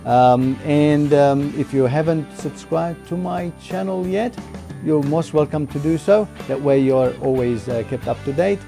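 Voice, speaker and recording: A man hosting a casual home-studio software tutorial, talking in a halting way and pausing to search for words. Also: on the high side, vocal fry, over music.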